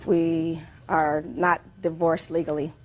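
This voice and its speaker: A woman plaintiff recounts events at length before a judge. She tells her story in a rambling, animated way, piling detail on detail. Her delivery is plain courtroom testimony. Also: deep voice, takes it slowly, a little hiss or hum.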